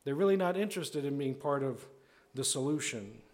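A man's voice: medium pitch, expressive, brisk. A man preaching a sermon in a conversational way, often asking "right?" and acting out the voices of people he quotes. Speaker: pastor.

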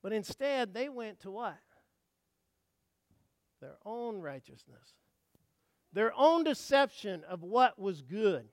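A man preaching a sermon, telling folksy stories and asking the congregation questions, swinging from hushed asides to loud emphatic outbursts. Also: sits high, very animated, slow pace, pauses often, dry recording, clean studio sound.

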